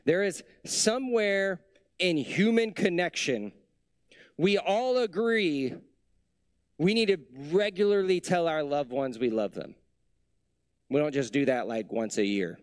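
A man preaching a sermon as a pastor, in a conversational way with many rhetorical questions, dropping soft and low for tender lines. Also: unhurried, long pauses, clean tone, no room sound, studio quality.

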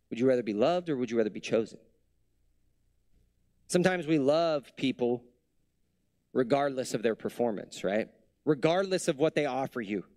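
A man preaching a sermon as a pastor, in a conversational way with many rhetorical questions, dropping soft and low for tender lines. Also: dry recording, clean studio sound.

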